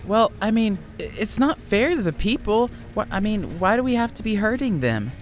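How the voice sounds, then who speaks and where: Hesitant teen villain's son, fairly high, swinging pitch, music behind as a man plays him. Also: sing-song, moderate pace. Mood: timid. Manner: hesitant, stammering. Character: guilty teenage son of a villain, timid.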